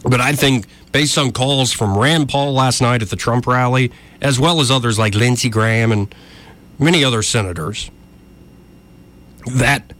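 A man's voice: mid-range voice, fairly bright tone. A man giving argumentative political commentary, addressing his listeners directly. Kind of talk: opinion commentary.

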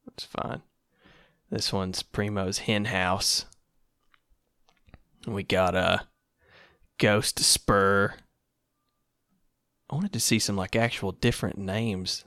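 Male solo podcast host, low gravelly voice, unhurried and rambling, dry close sound. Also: sharp tone, no echo. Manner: rambling, laid-back, self-amused.

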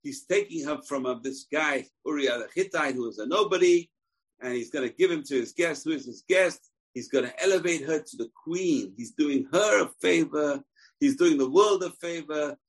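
Husky and fairly high-pitched, this man speaks at a moderate pace with lively intonation while teaching Torah. He's emphatic, putting questions to the room and supplying the answers on his own, though the recording is poor.

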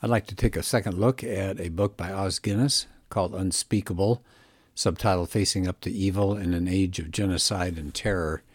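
A man's voice: sits low, steady tone, moderate pace, husky, dry recording, studio quality. A man hosting a book review show, talking through a book in an earnest, reflective, conversational way. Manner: earnest and reflective, musing aloud.

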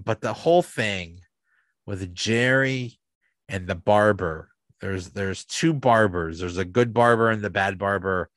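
A man in a casual vlog, rambling through episode retellings with many halting restarts. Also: lowish voice, a bit bright, dry recording. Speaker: video host ranking sitcom episodes.

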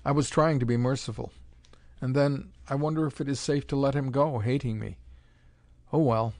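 A man's voice: mid-range voice, steady tone, normal speed, a little mellow, no room sound, close to an everyday voice. A man voicing a mad, mocking male scientist with a cold, gloating manner, in a dry storybook reading.

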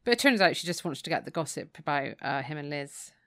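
A woman's voice: deep voice, animated, quick pace, fairly bright tone, no echo, clean studio sound. A woman co-hosting a casual podcast, retelling a book's plot and laughing often. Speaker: podcast co-host. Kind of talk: casual chat recapping a book.

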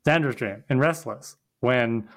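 A man's voice: mid-range voice, measured pace, a bit bright. A man co-hosting a podcast, explaining things in a loose, chatty way with lots of "like" fillers. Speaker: podcast co-host. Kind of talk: casual recap chat.

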